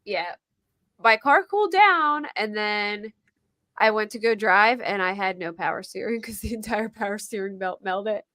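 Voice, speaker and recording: A chatty woman with a Philadelphia accent rambles through a story on a live online panel, laughing along the way and leaning on "like" as she goes. Her voice is bright and clear, and it sounds close and dry, with no room around it. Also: mid-range voice, normal speed, dry recording. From Pennsylvania. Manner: chatty and rambling, laughs often, says "like" a lot.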